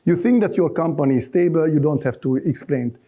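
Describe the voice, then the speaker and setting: A man's voice: fairly high pitch, brisk, warm tone. A middle-aged man with a Hungarian accent, giving a loose, joking conference talk full of restarts and fillers. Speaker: conference speaker. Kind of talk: live conference presentation. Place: conference hall.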